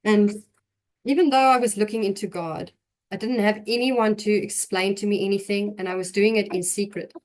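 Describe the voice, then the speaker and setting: A young woman telling her personal faith testimony in an emotional, halting way, often restarting her sentences. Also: medium pitch, steady tone. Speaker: guest giving testimony.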